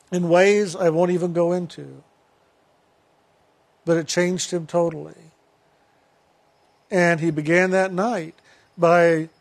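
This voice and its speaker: A man giving a sermon, telling a story in a slow, reflective way with retold dialogue. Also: high voice.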